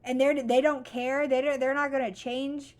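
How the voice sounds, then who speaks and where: A young woman vlogger giving a motivational talk, blunt and profane, swinging from calm advice to loud venting. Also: high-pitched, moderate pace.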